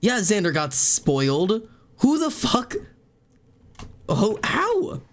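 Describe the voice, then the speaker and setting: A man's voice: high-pitched, huge pitch swings, slow pace. A young man streaming a game, exclaiming often and talking in an emotional, tearful, laughing way.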